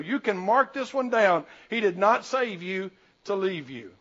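An older man preaching a sermon as pastor, telling folksy stories and swinging from loud urging to soft, confiding asides. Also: high-pitched, lively intonation, measured pace, highs cut off.

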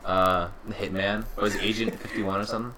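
A young man with a slightly low voice trading crude jokes as a podcast co-host. There's a clear murmur of a crowd behind him. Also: flat delivery, fast talker. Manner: joking, crude banter. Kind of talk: casual chat.

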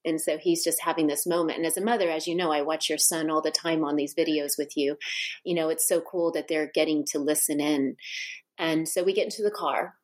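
Middle-aged woman guest, slightly low voice, earnest, tells stories with frequent restarts. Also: fairly even intonation, a little fast, darkish tone. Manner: heartfelt, with many restarts and asides. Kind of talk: personal storytelling in a conversation.

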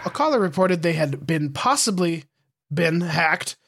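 Male co-host, high voice, reads police blotter with jokes. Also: animated, unhurried, fairly bright tone. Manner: reads reports then jokes about them. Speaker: podcast co-host reading police reports. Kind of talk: casual chat, reading police blotter aloud.

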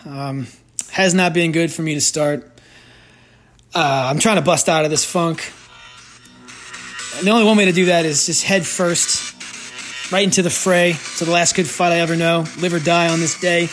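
A man's voice: a little high, steady tone, moderate pace, pauses often, fairly bright tone, faint music behind. A man hosting a sports betting podcast, ranting in a sarcastic, profane, rambling way into a sensitive desk microphone. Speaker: podcast host and sports bettor. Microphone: new sensitive microphone at a desk.

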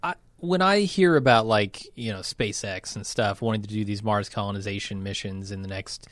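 A man's voice: on the low side, moderate pace, a bit bright, no echo. A man co-hosting a podcast, chatting casually about a film with easygoing back-and-forth replies. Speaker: podcast co-host.

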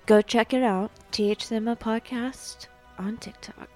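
A woman's voice: on the high side, steady tone, normal speed, a little mellow, soft background music. A woman co-hosting a podcast in casual chat.

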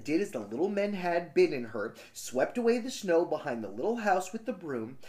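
Animated co-host, reads fairy tales with irreverent jokes and laughs; lively pitch. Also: male voice, normal speed, over music. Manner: animated, laughing, swears casually. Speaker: podcast co-host and reader. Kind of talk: reading a fairy tale aloud with banter.

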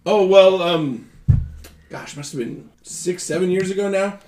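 A man's voice: high-pitched, unhurried, a little mellow, soft background music, pitched above the performer's own voice. A man voicing a chatty, friendly male giant weasel who talks in an eager, rambling way. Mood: cheerful. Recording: roomy echo.

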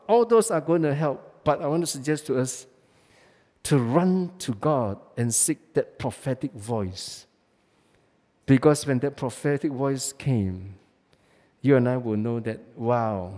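Guy preaching, kinda high but mellow voice, lots of uh and restarts, big hall echo. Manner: emphatic, many restarts and fillers. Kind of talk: sermon. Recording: long hall reverb.

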